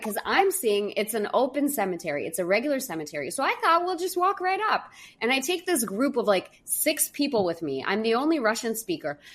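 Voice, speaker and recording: A woman hosting a podcast interview, a lively storyteller who acts out the voices in her stories. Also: medium pitch. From New York. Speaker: podcast host.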